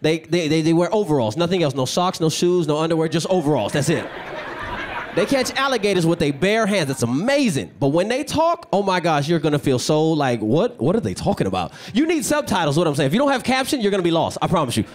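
A man doing stand-up comedy, animated and acting out characters. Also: on the high side, quick pace. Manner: animated, acts out voices. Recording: live club with audience noise.

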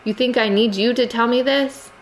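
A woman voicing a reserved young Cambodian immigrant girl who speaks quietly in halting phrasing. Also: fairly high pitch, fairly even intonation, a little hiss or hum, pitched above the performer's own voice, close to an everyday voice, low-quality recording. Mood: restrained. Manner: quiet, halting non-native phrasing, restrained.

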